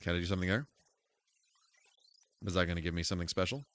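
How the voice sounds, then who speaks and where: A man's voice: sits low, fast, a bit bright, dry recording. A man giving live commentary while playing a game, breaking into goofy exclamations and mock-formal asides. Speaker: streamer.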